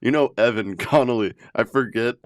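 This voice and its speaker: A man's voice: medium pitch, normal speed, no room sound, clean studio sound. A man co-hosting a podcast in casual chat, laughing often and swearing freely. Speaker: podcast co-host.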